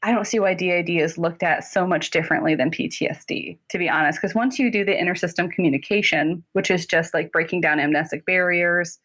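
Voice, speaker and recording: A woman guest therapist talking casually in an interview, chatty and quick, laughing often and saying "like" a lot. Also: lowish voice, fairly bright tone. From North Carolina, US.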